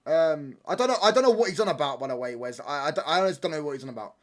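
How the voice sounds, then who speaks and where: A man's voice: on the high side, animated, very fast, a bit bright. Rambling man bantering with chat. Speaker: livestream watchalong host. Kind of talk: casual chat with a live stream chat.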